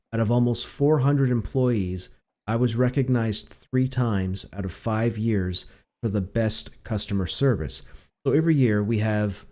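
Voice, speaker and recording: A relaxed man chatting on a stream, his voice low and mellow. He talks calmly and at length, rambling and restarting his sentences. People have called his voice soothing. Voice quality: calm, low voice others call soothing. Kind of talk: casual storytelling chat.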